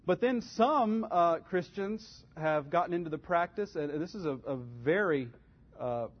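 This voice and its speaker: Speaking at a measured pace with an expressive, fairly high voice, a man gives step-by-step guidance in a Bible study class. His manner is earnest and conversational, as suits practical church teaching, and the recording is dull and lo-fi.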